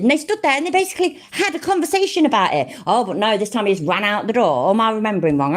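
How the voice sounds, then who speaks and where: A woman's voice: medium pitch, big pitch swings, fast talker. A woman streaming, giving sarcastic, casual commentary and swearing freely. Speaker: streamer reacting to clips.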